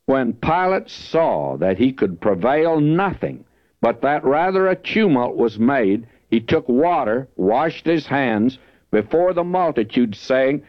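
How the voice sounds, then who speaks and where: A man's voice: medium pitch, expressive, measured pace, no echo. A man preaching a verse-by-verse Bible teaching sermon, earnest and emphatic, lifting his voice when he reads scripture. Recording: dull lo-fi dry recording.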